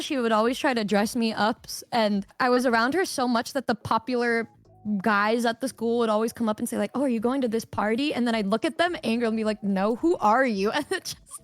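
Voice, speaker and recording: A young woman with a fairly high voice tells a personal story with candor and plenty of swearing, raising her pitch whenever she plays out what someone else said. Her voice sits close and dry on the mic, with faint music running underneath. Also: no echo. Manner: candid, swears freely, acts out quoted voices in a higher pitch. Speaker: streamer co-host. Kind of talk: casual storytelling chat.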